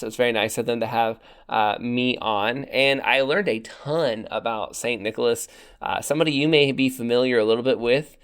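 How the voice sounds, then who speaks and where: A man's voice: medium pitch, smooth. A young man co-hosting a podcast, talking casually and chattily with fillers and restarts. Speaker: podcast co-host.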